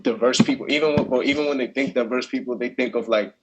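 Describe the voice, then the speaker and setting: A young man with a mid-range voice talks fast as a student panelist in a casual discussion over a video call. He's hesitant, restarting often and leaning on fillers. The recording is muffled, with background noise.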